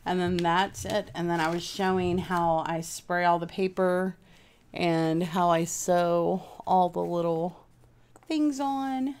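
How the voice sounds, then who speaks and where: A woman's voice: lowish voice, level tone, slow pace, darkish tone, smooth. A woman hosting a casual crafting livestream from home, rambling chattily and answering viewers' comments by name.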